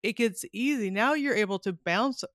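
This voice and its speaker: Middle-aged woman, podcast host, chatty, laughs a lot, bright tone, close dry sound. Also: mid-range voice, normal speed, no room sound. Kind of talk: casual chat.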